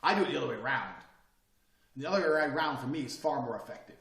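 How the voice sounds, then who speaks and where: A man's voice: mid-range voice, expressive, rapid-fire, creaky, a bit bright. Swaggering man lecturing in an echoey room. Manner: profane, swaggering, emphatic. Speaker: course instructor. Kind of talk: blunt motivational lecture.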